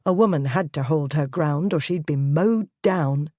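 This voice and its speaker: An audiobook narrator giving a measured, even scripted reading of a historical romance. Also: mid-range voice, no room sound, clean studio sound.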